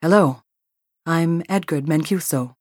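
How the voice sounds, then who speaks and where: Hesitant soft-spoken Brazilian cowboy, voiced by a female narrator, low register. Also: a little slow, no room sound, studio quality.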